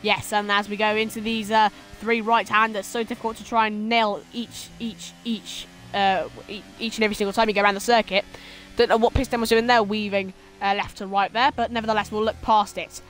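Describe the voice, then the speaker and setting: A man's voice: high-pitched, little pitch movement, fairly quick, fairly bright tone, soft background music. A man commentating a sim racing league, teasing his co-host and calling the action. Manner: banter, bossy teasing of co-host. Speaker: race commentator.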